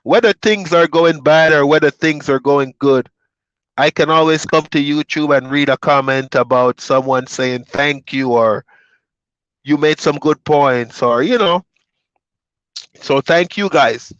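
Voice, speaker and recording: A man's voice: on the high side, measured pace, clean tone, dry recording, highs cut off. A man from Jamaica who drives trucks, chatting casually to his viewers and rambling through road stories with plenty of fillers. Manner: relaxed, rambling storytelling with fillers.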